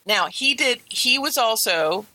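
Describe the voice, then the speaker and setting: Bright-voiced chatty woman. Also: on the high side, lively intonation, measured pace, poor audio. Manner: chatty, enthusiastic, repeats herself. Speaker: podcast co-host. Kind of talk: casual movie chat.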